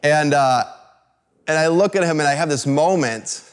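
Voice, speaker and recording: A man from California telling a personal story to an audience, animated, with many fillers and restarts. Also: fairly high pitch, a little fast. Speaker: speaker.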